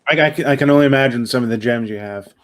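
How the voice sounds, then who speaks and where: A man's voice: mid-range voice, racing. Guy hosting a video call q&a, reads fan questions, says yeah and wow a lot. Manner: reads fan questions, short agreeing replies. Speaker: host. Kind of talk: live Q&A interview.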